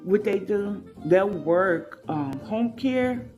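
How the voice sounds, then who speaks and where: New woman, panelist, conversational with rhetorical asides, mid-pitched voice. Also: expressive, slow pace, mellow, faint music behind. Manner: conversational, rhetorical questions, many fillers. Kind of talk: online panel discussion.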